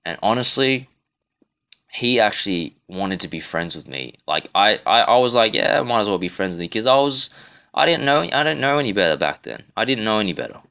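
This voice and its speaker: A man's voice: on the low side, big pitch swings, normal speed, vocal fry, sharp tone, clean tone. A man in a casual self-recorded monologue, ranting in a rambling, profane way with frequent restarts. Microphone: self-recorded device.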